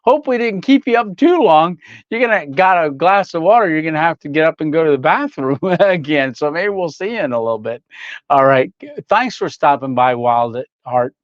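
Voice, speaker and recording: A man's voice: a little high, lively intonation, a little fast, no echo, dull audio. An older man hosting a casual livestream, rambling through stories, reading chat aloud and laughing often. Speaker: livestream host.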